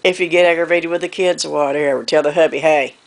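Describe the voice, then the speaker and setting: Gravelly Southern woman chatting folksy. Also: sits low, steady tone, fast. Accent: Southern US, North Carolina. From North Carolina. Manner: rambling and folksy, often trailing off with "okay, anyway". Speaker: quilting vlogger. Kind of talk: casual chat to camera while hand quilting.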